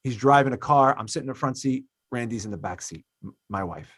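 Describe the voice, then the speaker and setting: A man in his thirties hosting a podcast, telling a story in an animated, profane way, swinging between loud and quiet. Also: mid-range voice, fast, no room sound. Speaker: podcast host. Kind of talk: casual podcast chat.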